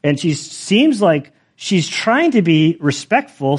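Preacher guy, kinda high voice, chatty and animated, lots of filler words. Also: slow pace, hardly any pauses, husky. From United States. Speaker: pastor. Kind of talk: sermon with storytelling.

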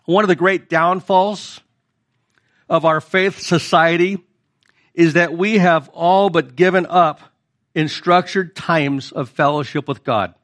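A man's voice: fairly high pitch, fairly even intonation, slow pace, a bit bright. A middle-aged male pastor preaching a conversational sermon and putting questions to the congregation.

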